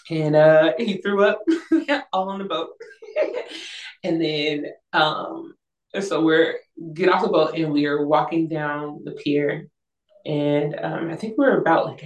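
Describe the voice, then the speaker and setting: A young woman from Northern California telling a personal story in a casual interview, animated, acting out other people's lines and laughing often. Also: sits low. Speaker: interview guest, singer-songwriter. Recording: roomy, distant from the mic.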